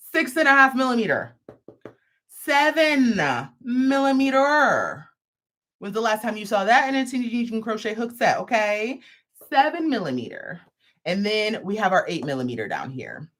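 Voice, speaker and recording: The host of a live crochet stream, a woman with a medium-pitched, slightly bright voice, demonstrates a product while chatting. She tosses in playful, sassy remarks as she goes.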